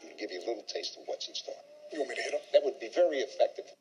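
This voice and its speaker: A man's voice: mid-range voice, very animated, rapid-fire, over music. An actor playing a smug male debt collector who taunts and threatens. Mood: taunting.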